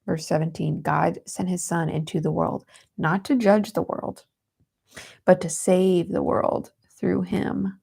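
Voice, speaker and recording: Tearful, earnest woman with a gravelly edge. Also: lowish voice, steady tone, moderate pace, warm tone. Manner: earnest, emotional, easily moved to tears. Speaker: host of a Christian livestream. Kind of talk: devotional Bible reading and chat.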